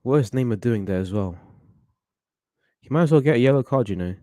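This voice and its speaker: A man's voice: mid-range voice, expressive, a little fast, dark tone, no echo. A man hosting a football watchalong, chatting casually and giving opinionated commentary on the match. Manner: chatty, opinionated, thinks aloud with restarts.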